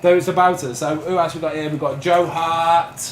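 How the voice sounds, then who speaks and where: A man's voice: on the high side, fairly even intonation, normal speed. A man hosting a casual chat, telling stories with eager enthusiasm in a room at his home. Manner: chatty, enthusiastic storyteller. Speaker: host. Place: room at home full of framed shirts. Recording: echoey room, faint background noise.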